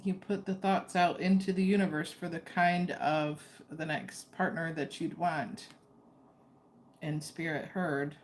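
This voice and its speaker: A woman's voice: sits low, steady tone, unhurried, slight background noise. A woman giving a casual, chatty tarot reading, often breaking off to coax her dog over. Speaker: tarot reader.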